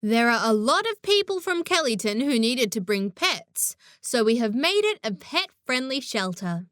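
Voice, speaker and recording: A woman's voice: fairly high pitch, sing-song, moderate pace, fairly bright tone, no room sound, studio quality. A woman voicing a kind, practical female flood rescuer who reassures a family. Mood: reassuring.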